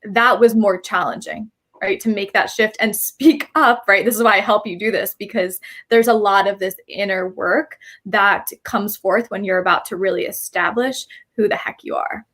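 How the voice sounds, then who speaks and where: A woman guest on a live-streamed talk show who works as a spiritual coach. She talks in a reflective way and often checks in with her listener. Her pitch stays at a middle level. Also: moderate pace, few pauses, fairly bright tone. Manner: reflective, keeps checking in with "right?".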